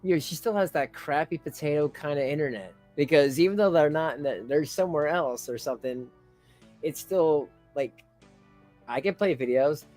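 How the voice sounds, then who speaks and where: A man's voice: on the high side, normal speed, a little mellow, soft background music. A man giving mocking reaction commentary on a livestream, laughing often. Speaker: commentary streamer.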